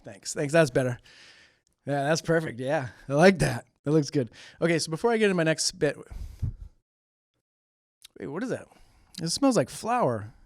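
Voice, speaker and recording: A man's voice: fairly high pitch, animated, normal speed, pauses often, no room sound, clean studio sound. Rambling man hosting a local comedy show. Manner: rambling, filler-heavy, chatty. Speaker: host. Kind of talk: comedy monologue. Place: local cable TV studio.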